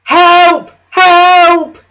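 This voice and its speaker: A man voicing a cheeky, boastful young male tank engine in a storybook reading, shouting in shrill, excited bursts. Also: measured pace, slightly rough, faint music behind, heavily acted. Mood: panicked.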